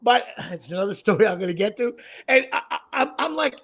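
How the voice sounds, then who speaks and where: High-voiced excitable New man. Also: a little fast. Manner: excitable storyteller, laughs often and acts out quotes. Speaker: podcast host. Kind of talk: casual sports chat.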